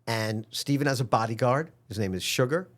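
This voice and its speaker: A musician, a man, tells a story as a podcast guest, animated and often checking in with "right?" and "you know what I mean?". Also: mid-range voice, fairly quick. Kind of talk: casual storytelling in an interview.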